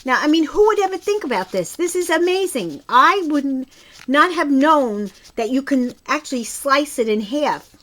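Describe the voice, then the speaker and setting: A woman's voice: high voice, lively intonation, normal speed, fairly bright tone. A woman with a Brooklyn accent chatting enthusiastically as she shows her craft projects, rambling with a few restarts. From Brooklyn, New York. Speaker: crafting channel host. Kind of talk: casual crafting show-and-tell.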